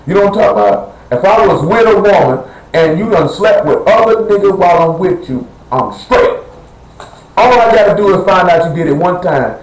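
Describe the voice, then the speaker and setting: A man's voice: high-pitched, lively intonation, normal speed, roomy sound, poor audio. A man preaching a sermon to his congregation in a blunt, conversational way, questioning the listeners directly. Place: church assembly hall.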